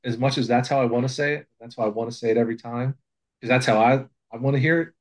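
A man's voice: mid-range voice, steady tone, fast, poor audio. A man who is a volunteer assistant fire chief, talking in a casual, plainspoken and humble way with frequent restarts. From Pennsylvania, USA. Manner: plainspoken, self-deprecating, many restarts. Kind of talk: casual podcast conversation.

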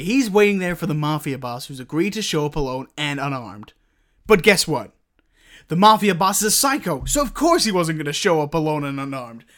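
Man, animated monologue reader, crude, loud peaks. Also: fairly high pitch. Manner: animated, swearing, rising to shouts. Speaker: performer. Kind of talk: performing a film monologue.

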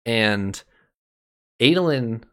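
A man's voice: medium pitch, expressive, very slow, bright, forceful tone. A man co-hosting a podcast, explaining and recapping scenes in detail during a casual book discussion. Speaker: podcast co-host.

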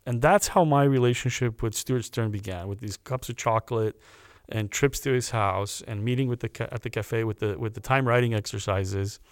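A man, a podcast guest, telling a personal story in an earnest, animated way and acting out the people he quotes. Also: medium pitch, moderate pace, clear, resonant tone, dry recording, studio quality.

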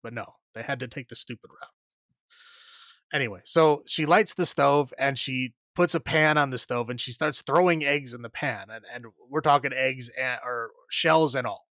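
Male podcast co-host, mid pitch, dry close mic, rambling recap full of fillers and chuckles. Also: moderate pace, fairly bright tone, no echo. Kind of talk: casual movie recap chat.

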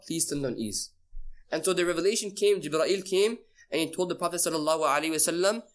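A man's voice: sits high, fairly bright tone. A man teaching a casual class, quizzing his listeners and repeating key phrases for emphasis. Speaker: Islamic teacher.

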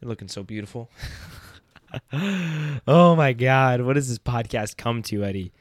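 A young man co-hosts a casual podcast, spinning stories with lots of laughter and a loose, swearing delivery. His voice sits a little low and sounds close and dry on the mic. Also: fast, no echo. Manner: animated storyteller, laughs often, swears. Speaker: podcast co-host. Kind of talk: casual chat.

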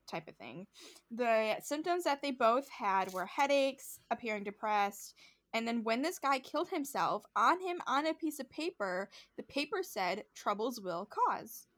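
A woman's voice: a little high, lively intonation, unhurried, a bit bright. Chatty woman recapping a show. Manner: chatty, heavy use of "like", acts out quotes. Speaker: podcast co-host. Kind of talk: casual chat recapping a show.

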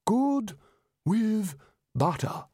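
Brief: man doing a wry, finicky elderly wizard, unhurried. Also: sits high, very animated, mellow, no echo, clean studio sound, voice pushed up, exaggerated voice. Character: fussy older male wizard professor.

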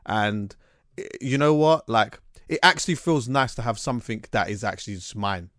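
A man's voice: fairly low pitch, moderate pace, no echo, clean studio sound. A man, hosting a podcast and telling stories casually, full of slang and restarts. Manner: animated storyteller, London slang, lots of restarts. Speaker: podcast host. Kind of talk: casual chat.

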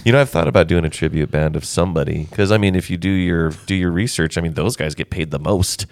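A man's voice: sits low, fast, no room sound. A man chatting casually on a podcast, joking and rambling. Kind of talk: casual chat.

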